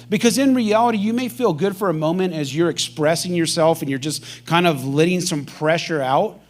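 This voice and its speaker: Middle-aged pastor, slightly high male voice, chatty sermon delivery. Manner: conversational, acts out everyday voices.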